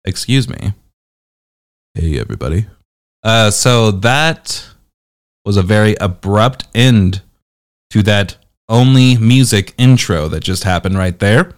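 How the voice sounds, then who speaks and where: A man's voice: on the low side, expressive, slow, pauses often. A man hosting a podcast review show, chatting casually in a sarcastic, teasing way. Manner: sarcastic, teasing, jumpy delivery.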